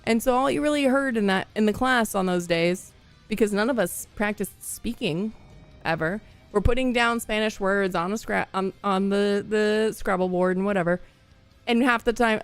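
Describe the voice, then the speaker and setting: A young woman streams and talks casually, rambling through a story with plenty of laughs and quick greetings to her viewers. Her voice sits at an ordinary middle pitch. Soft music plays behind her. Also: smooth. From US Midwest. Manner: chatty and rambling, laughs often, greets viewers between stories. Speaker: livestream gamer.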